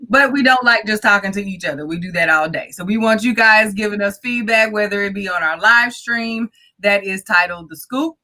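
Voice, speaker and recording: A woman's voice: medium pitch, moderate pace, few pauses, bright, forceful tone. A woman from Oakland, California, co-hosting a casual live-stream talk show, chatty and playful as she talks straight to the viewers. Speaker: co-host.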